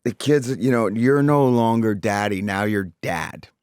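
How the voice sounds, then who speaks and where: A man in his sixties with a low voice talks frankly as an interview guest. He swears casually and repeats himself as he finds the words. The studio sound is dry and close. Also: a little slow, a little mellow, clean tone, dry recording. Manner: blunt and casual, swears freely, repeats words while searching. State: recovering voice after vocal surgery. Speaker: interview guest, rock singer. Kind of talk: candid conversational interview.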